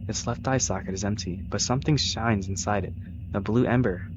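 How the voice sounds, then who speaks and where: A man's voice: fairly low pitch, fairly quick, lo-fi sound, background noise. A man casually reading a visual novel aloud, stumbling over words and correcting himself. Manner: casual, self-correcting, joking asides. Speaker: let's-play reader.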